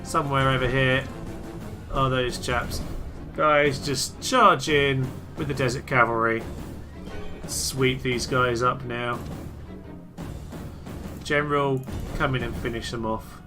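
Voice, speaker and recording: A man giving excitable, theatrical commentary on a strategy game he is playing, often laughing and cheering. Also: medium pitch, takes it slowly, long pauses, music in the background. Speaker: let's play host. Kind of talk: gameplay commentary.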